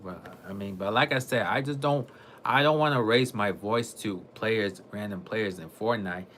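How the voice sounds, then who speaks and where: Bright-voiced man rambling in a gaming vlog. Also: on the low side, moderate pace, a little hiss or hum. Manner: rambling, repeats himself and restarts often. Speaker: gaming vlogger. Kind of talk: casual monologue to camera.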